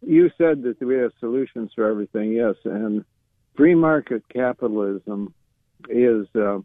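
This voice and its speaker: A man's voice: mid-range voice, moderate pace, no room sound. A man calling in to a radio show, talking in an earnest, meandering way. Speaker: caller. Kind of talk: phone-in call. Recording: tinny phone line.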